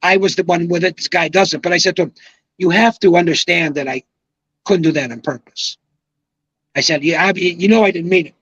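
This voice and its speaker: An older man telling an animated story as a podcast guest, excitable, swearing and acting out quotes. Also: high voice, a little fast, breathy edge, no room sound, highs cut off.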